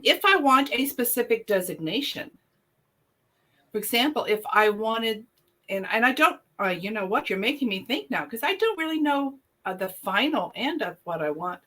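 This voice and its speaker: Woman, animated pitch, bright tone, thoughtful, casual co-host. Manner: thoughtful, laughs easily. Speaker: podcast co-host. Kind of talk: casual chat.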